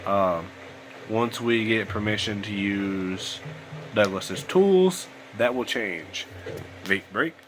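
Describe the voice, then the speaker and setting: A man's voice: fairly low pitch, slow pace, fairly bright tone, slight background noise, rough recording. A young man giving casual, rambling gameplay commentary at home late at night, sounding tired and yawning. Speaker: let's play host. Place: home room at a computer.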